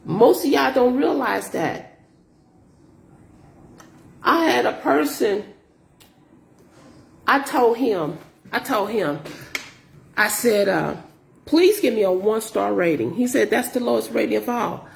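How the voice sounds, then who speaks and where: Speaking slowly and pausing often, this middle-aged woman uses a high-leaning voice with vocal fry in a roomy space. She is a grocery delivery shopper in a casual vlog. Animated and exasperated, she keeps repeating herself while complaining about rude customers.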